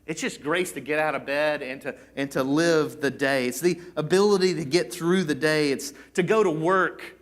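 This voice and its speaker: A man's voice: on the high side, moderate pace, few pauses. A man preaching a sermon in a casual, conversational way that builds at times into impassioned pleading. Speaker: pastor.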